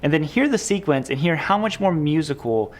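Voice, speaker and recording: A man teaching a guitar lesson in an energetic, upbeat, chatty way, with guitar playing behind him. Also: fairly high pitch, fairly quick.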